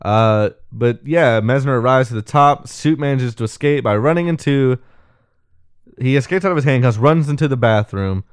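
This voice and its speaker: On a podcast he co-hosts, a man with a clear, resonant mid-range voice retells a film plot casually at normal speed. He animatedly acts out the characters' quoted lines and swears casually. The recording is dry, with clean studio sound.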